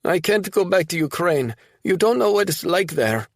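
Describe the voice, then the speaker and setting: A man's voice: high voice, sing-song, normal speed, no echo, studio quality, voice pushed up, exaggerated voice. A man voicing a frightened, battered young woman who pleads fearfully in an audiobook.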